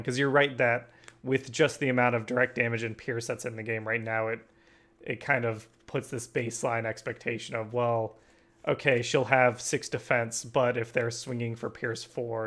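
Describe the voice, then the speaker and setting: A man's voice: mid-range voice, level tone, normal speed, a bit bright. A young man hosting a casual chat about a card game, agreeable and full of fillers like "um" and "like". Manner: agreeable, uses many fillers and backchannels. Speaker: host.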